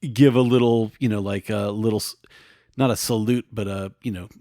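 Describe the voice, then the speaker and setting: A man's voice: fairly low pitch, steady tone, fairly quick, mellow, dry recording, studio quality. A man playing in a tabletop game, talking casually and rambling with lots of fillers. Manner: rambling, full of fillers like "you know, like". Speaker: player.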